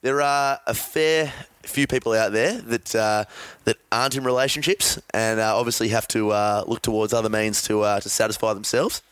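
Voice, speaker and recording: A man's voice: on the low side, steady tone, normal speed, few pauses, a bit bright, smooth, no room sound. A man hosting a podcast, reading out odd news stories and joking with his guests. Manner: joking, laughs often. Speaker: podcast host. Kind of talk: casual chat, reading out news items.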